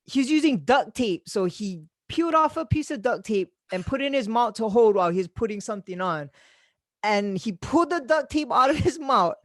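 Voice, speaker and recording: Animated man telling stories. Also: extremely high pitch, normal speed, no echo. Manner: animated, swears freely, laughs while telling stories. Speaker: podcast host. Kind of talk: casual chat, storytelling.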